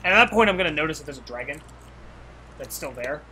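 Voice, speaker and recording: A man playing a tabletop role-playing game, speaking earnestly and in a measured way in character. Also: a little high, lively intonation, sharp tone, slight background noise, rough recording. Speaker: player.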